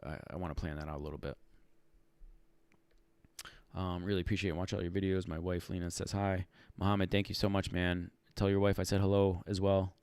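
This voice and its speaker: A man hosting a casual livestream Q&A for rideshare drivers, animated and talking in fits and restarts. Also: deep voice, smooth, no room sound. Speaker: rideshare channel host answering live chat.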